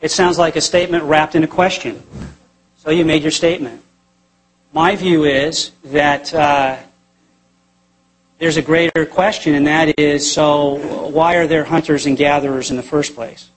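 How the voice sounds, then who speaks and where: A man answering an audience question in a formal debate, arguing in a deliberate way and pausing with fillers. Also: on the high side, fairly even intonation, soft background music, poor audio.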